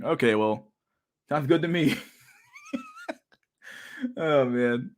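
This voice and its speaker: A man's voice: on the high side, animated, a little slow, pauses often. Profane, sarcastic young man streaming. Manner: profane, slangy, laughing, sarcastic. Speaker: livestream host. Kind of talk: casual livestream chat.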